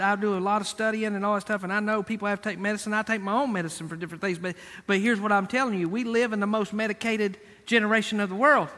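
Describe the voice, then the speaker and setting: High, bright-voiced preaching man. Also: big-room sound. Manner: emphatic, repeats key words, talks straight to the congregation. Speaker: pastor. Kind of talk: sermon.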